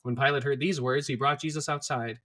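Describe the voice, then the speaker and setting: Bright-voiced man reading scripture. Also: mid-range voice, steady tone, fairly quick. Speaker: scripture reader.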